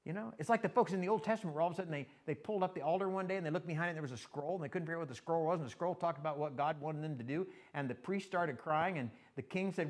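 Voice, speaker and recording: A man's voice: fairly high pitch, racing, few pauses. An older man preaching a casual, story-driven sermon as pastor, acting out conversations from his own life. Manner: folksy, animated, quotes people in his stories.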